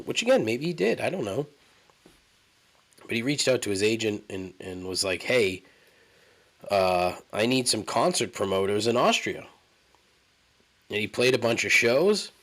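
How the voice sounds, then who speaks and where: Animated, rambling podcast host man. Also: medium pitch. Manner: rambling, profane, incredulous storytelling. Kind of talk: casual solo monologue.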